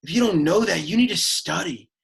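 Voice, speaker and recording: A man voicing a sullen, awkward teenage boy who gives a Latin lesson, deadpan, whiny and easily annoyed. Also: high-pitched, fairly quick, vocal fry, slightly rough, heavily acted. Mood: exasperated deadpan. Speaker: Latin teacher.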